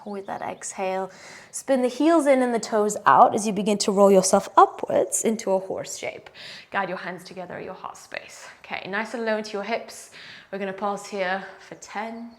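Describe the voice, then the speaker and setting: A young woman leading a guided yoga class, giving calm, encouraging cues and counting holds aloud. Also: mid-range voice, normal speed. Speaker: yoga instructor.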